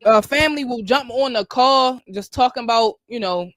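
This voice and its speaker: A woman's voice: on the high side, normal speed, no room sound. Woman hosting a live stream call, slangy and chill, dry close sound. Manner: slangy, relaxed, talks with friends. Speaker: livestream host. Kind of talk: casual livestream chat.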